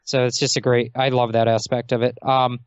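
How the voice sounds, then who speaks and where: An easygoing man, a podcast guest, chats casually in a mid-pitched voice. His sound is dry and close, with no room around it, and he chuckles between remarks. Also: little pitch movement, brisk, clear, resonant tone, no echo, lo-fi sound. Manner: easygoing, chuckles while talking.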